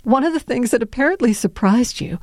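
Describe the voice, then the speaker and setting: Mellow-voiced woman interviewer. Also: a little high, lively intonation, fairly quick, no room sound, clean studio sound. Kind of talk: interview questions.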